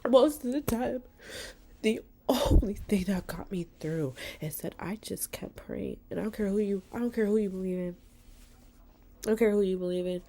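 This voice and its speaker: Speaking at normal speed in a medium-pitched voice, a woman gives a casual motivational talk to camera, self-filmed with a selfie light. Earnest and heartfelt, she swears, addresses viewers as "y'all" and "baby," and frequently lowers her voice almost to a whisper.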